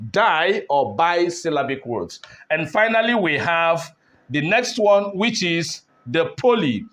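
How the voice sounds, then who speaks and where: Slow, high-voiced male English teacher. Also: fairly bright tone. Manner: slow, deliberate, repeats words and asks rhetorical questions. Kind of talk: classroom lesson at a board.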